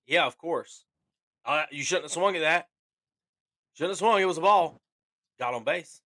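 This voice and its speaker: A man co-hosting a casual podcast, his voice pitched a little high and sounding bright and forceful. He talks in an animated, emphatic way and repeats phrases to drive his points home. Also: normal speed. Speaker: podcast co-host.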